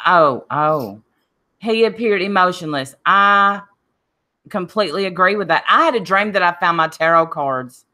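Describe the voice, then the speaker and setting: A woman co-hosting a casual chat show, animated and opinionated, acting out quotes as she talks. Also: fairly low pitch, normal speed. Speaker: podcast co-host.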